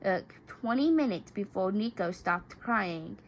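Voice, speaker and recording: A woman's voice: medium pitch, animated, a little slow, slight background noise, rough recording. A woman reading fan fiction aloud in an amateur way, stumbling over words and often restarting and correcting herself.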